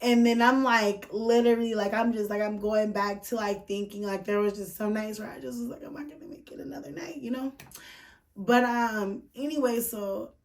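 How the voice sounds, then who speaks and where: A woman hosts a casual podcast and tells a personal story in a loose, unpolished way, cursing freely and leaning on filler words. Her voice sits at a middling pitch for a woman. She sounds a little distant from the microphone. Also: flat delivery, moderate pace. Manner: candid, profane, full of "like" fillers. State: emotional, near tears at moments. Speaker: podcast host.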